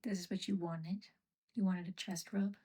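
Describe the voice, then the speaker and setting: A woman chatting casually on a livestream from her home workspace, rambling and scolding her pets with soft muttered asides. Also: fairly low pitch, level tone, normal speed, slightly rough.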